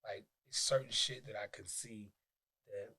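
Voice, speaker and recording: A man with a Detroit accent, a podcast guest telling stories in casual, profane, animated talk with many restarts. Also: lowish voice, a little slow, breathy edge. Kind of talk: casual interview chat.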